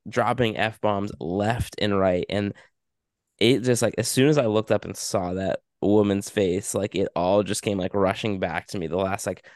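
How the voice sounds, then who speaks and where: A man's voice: fairly low pitch, steady tone, measured pace, a little mellow, no echo, studio quality. A man in casual chat, rambling through a self-deprecating story about himself.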